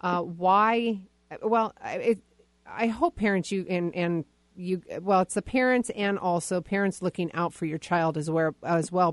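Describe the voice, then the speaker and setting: A woman's voice: lowish voice, no echo. A woman hosting a podcast, chatting casually and starting over often. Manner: chatty, many restarts. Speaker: podcast host. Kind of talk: casual interview chat.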